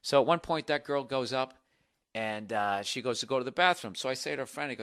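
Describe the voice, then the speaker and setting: Middle-aged guy ranting on his podcast, swears a lot, sarcastic, keeps it lively. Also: medium pitch, fast talker, clean tone. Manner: profane, sarcastic, animated storytelling. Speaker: podcast host. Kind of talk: solo comedic podcast rant and storytelling.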